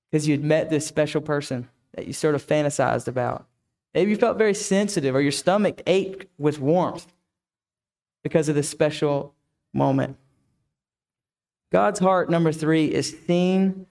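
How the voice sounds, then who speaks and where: A man's voice: fairly high pitch, a little mellow. A man preaching a reflective sermon who asks the listeners many questions. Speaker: pastor.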